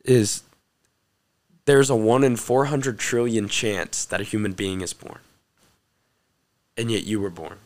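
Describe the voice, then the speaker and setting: A young man hosting a podcast, telling a personal faith testimony in an earnest, excited way, breaking into laughter at times. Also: on the low side, unhurried, pauses often. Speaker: podcast host.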